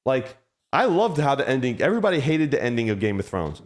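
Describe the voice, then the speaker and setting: A man hosts a casual chat in a mid-range voice. He gets excitable as he tells stories and swears freely. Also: mid-range voice, fast talker. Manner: swears a lot, excitable storytelling. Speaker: host.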